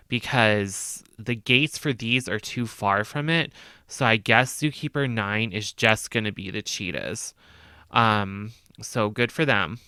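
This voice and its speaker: A man's voice: mid-range voice, sharp tone, clean tone, no echo. A man giving casual gameplay commentary as a let's play host, thinking aloud and hesitating with frequent ums.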